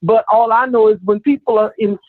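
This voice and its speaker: Guy calling in on a tinny phone line, halting, says stuff twice. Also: high-pitched, fairly even intonation, dry recording. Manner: halting, repeats himself. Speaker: caller. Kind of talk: phone call into a talk show.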